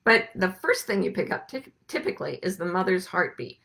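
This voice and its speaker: Soft gravelly-voiced woman musing gently. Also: on the low side, big pitch swings. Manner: gentle, musing, slows down to stress ideas. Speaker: podcast host and life coach. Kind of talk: reflective spiritual talk to a group.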